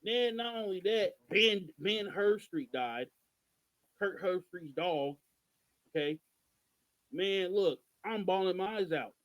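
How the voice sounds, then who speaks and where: A man with a somewhat raised pitch co-hosts a loose podcast conversation. He talks in an exasperated, emphatic rant, hammering his points home. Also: expressive, slow pace, long pauses, fairly bright tone, low-quality recording. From Missouri. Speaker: podcast co-host. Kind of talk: casual podcast chat.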